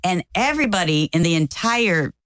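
A middle-aged woman with a fairly low voice tells a story in casual conversation with her husband. She is animated and acts out the lines of the people in her story. The sound is dry and close, with little room echo. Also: moderate pace. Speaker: co-host. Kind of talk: casual conversation between spouses.

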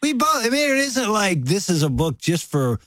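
A middle-aged man co-hosts a casual chat, easygoing and quick to laugh at himself. His voice sits a bit high for a man. The recording is dry and close. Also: big pitch swings, a bit bright, dry recording. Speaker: co-host.

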